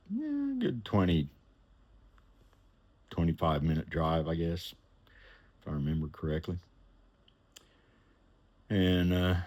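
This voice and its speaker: Man, very low voice, expressive rise and fall, personal storytelling, animated. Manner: animated, acts out the voices, chuckles while telling.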